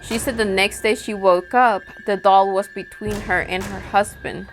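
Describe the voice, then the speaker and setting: A woman's voice: medium pitch, fairly even intonation, moderate pace, soft background music. Chatty woman telling a spooky story. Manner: chatty, peppered with "like" and acted-out quotes. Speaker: storytime vlogger. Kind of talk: casual spoken storytelling.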